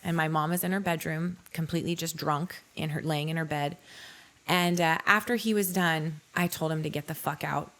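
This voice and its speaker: A woman's voice: sits low, steady tone, moderate pace, a bit bright. A woman in her forties, a podcast guest, frankly telling her life story in a blunt, candid way. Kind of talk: candid personal testimony.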